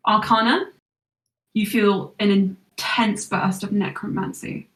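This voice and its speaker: A woman narrates a tabletop game as its game master, describing each moment with measured, descriptive detail. She sounds set back from the mic in a roomy, echoing space. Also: medium pitch, steady tone. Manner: descriptive, measured narration with quick rules talk. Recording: echoey room, voice from far off.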